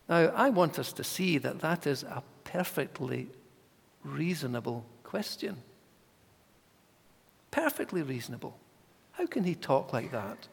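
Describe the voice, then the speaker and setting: A man preaching a sermon in a church, measured and emphatic, sometimes dropping his voice to a hush. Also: on the high side, very animated, gravelly, husky, long reverb tail.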